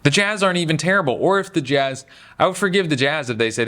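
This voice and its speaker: A man's voice: a little high, fast. Chatty, opinionated young-sounding man. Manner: chatty, animated, does mocking voices for quotes. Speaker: basketball commentary host. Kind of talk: casual opinionated sports talk.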